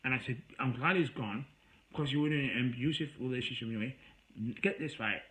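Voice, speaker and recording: A man telling an emotional personal story to camera, agitated and rambling, his voice rising high when he gets worked up. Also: brisk, a bit bright, low-quality recording. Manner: agitated, rambling, with raised voice when quoting himself; self-described voice that gets high when upset. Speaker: vlogger.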